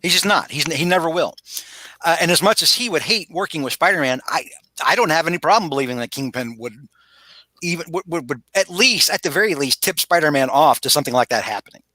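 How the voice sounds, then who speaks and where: Bright-voiced man recapping comics. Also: fairly high pitch, fast, no echo. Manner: animated retelling with acted-out quotes and frequent restarts. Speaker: podcast co-host. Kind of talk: casual chat.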